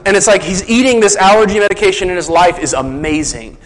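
A man's voice: high voice, fast, low-quality recording. A man preaching a sermon as a pastor, conversational, asking the congregation rhetorical questions.

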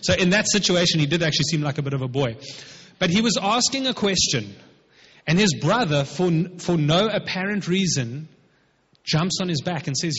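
A male preacher with a fairly high, husky voice explains a scripture passage in a conversational way, stopping often for asides. The sound is dull and lo-fi, and a long echo rings around a large hall. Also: lively intonation, normal speed, fairly bright tone. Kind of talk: sermon, retelling a scripture passage.

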